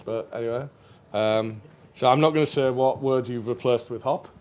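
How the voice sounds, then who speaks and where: Male brewery co-host, mid-pitched, loose and chatty delivery full of fillers. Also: fairly even intonation, normal speed, a little mellow. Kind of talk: casual live stream chat. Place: brewery taproom.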